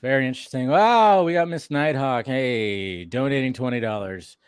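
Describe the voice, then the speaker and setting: A man's voice: medium pitch, normal speed, clean tone, dry recording, studio quality. A man hosting a casual livestream, chatting loosely with fillers and restarts, and breaking into stunned, swearing exclamations. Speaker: livestream host.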